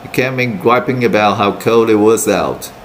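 A man's voice: lowish voice, normal speed, slight background noise. Man reading a novel aloud for students. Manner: steady, plain read-aloud narration with brief Mandarin asides. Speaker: English teacher.

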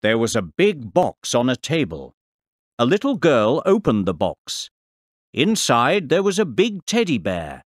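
A man playing a professor who tells children what he saw, in a slow, clear and very expressive storytelling voice. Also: mid-range voice, dry recording, clean studio sound. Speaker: voice actor on a course audio CD. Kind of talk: scripted storytelling for young learners. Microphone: close studio mic, dry.

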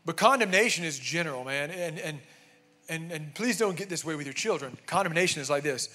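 A man's voice: on the high side, lively intonation, a little fast, pushed and bright. Emphatic man preaching a sermon. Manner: emphatic, conversational preaching with frequent "amen" and "man". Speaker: pastor. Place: church sanctuary.

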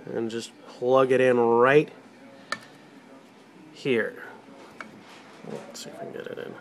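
In a casual screen-recorded tech tutorial, a man presenting for a radio show gives step-by-step instructions for setting up a computer. He speaks at a medium pitch, shifting nearer to and farther from his desktop USB microphone.

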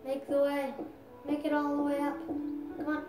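A woman giving casual commentary while playing a video game, talking to viewers and crying out loudly at setbacks. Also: high-pitched, completely flat delivery, moderate pace, far from the mic. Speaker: gaming video creator. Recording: roomy sound, voice off-mic, music behind.

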